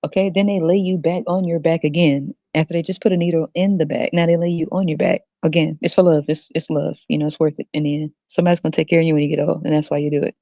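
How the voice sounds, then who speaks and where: A woman's voice: deep voice, fairly even intonation, fast, hardly any pauses, dry recording. Profane ranting woman, dull dry sound. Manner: crude, profane, laughing often; addresses viewers directly. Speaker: podcast host. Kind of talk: solo ranting monologue.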